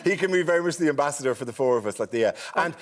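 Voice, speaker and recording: A man's voice: on the high side, animated, very fast, noisy background. A middle-aged man with an Irish accent, a chat show guest telling rambling comic anecdotes full of restarts. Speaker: guest comedian. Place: TV studio with live audience. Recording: studio audience audible.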